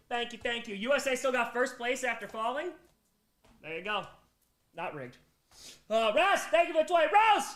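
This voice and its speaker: Exhausted after a whole day awake on a live charity stream, a man reads out donations and thanks donors one at a time, lurching between hype and tired mumbling. His voice is extremely high, bright and forceful, with a reverberant sound.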